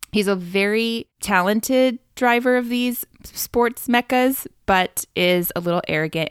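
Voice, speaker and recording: A woman's voice: lowish voice, a bit bright, clear, resonant tone, dry recording, clean studio sound. A woman in casual podcast chat, talking at length and laughing often. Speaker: podcast co-host.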